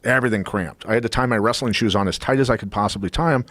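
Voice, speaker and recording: A man's voice: fairly low pitch, racing, no echo. A middle-aged man, a podcast guest, telling a story in casual chat and acting out what people said. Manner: animated storyteller, acts out quotes. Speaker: podcast guest, former fighter.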